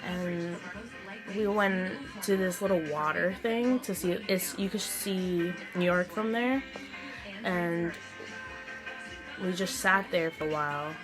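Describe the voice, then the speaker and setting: A young woman telling a story-time vlog in a chatty, animated way, full of "like"s. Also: fairly low pitch, slow. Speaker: vlogger. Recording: music playing behind the voice. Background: music.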